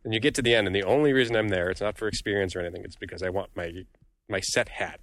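A man co-hosting a casual podcast, telling stories quickly with a wry edge. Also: on the low side, fairly bright tone, no room sound. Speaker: podcast co-host. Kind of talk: casual group chat.

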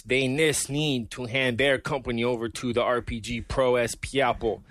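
A man's voice: medium pitch, a bit bright. Sick man reading a post aloud. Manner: mock-outraged reading, swearing. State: sick, stuffy. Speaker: podcast co-host. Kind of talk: casual podcast chat, reading a forum post aloud.

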